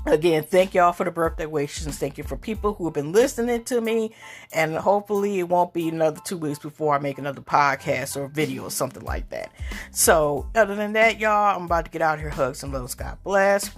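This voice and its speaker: A woman hosting a casual solo podcast, talking in a rambling, slangy way with many fillers and restarts. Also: low voice. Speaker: podcast host.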